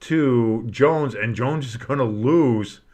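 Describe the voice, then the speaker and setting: A man giving casual play-by-play commentary on a game, rambling and swearing between plays and bursting out with excitement on big ones. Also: medium pitch, takes it slowly. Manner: rambling, swears, breaks off into nostalgic tangents. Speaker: play-by-play streamer.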